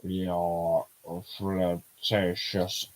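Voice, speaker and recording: A man doing a slow, deadpan robot. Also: low voice, poor audio. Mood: cold. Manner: slow, flat and clipped.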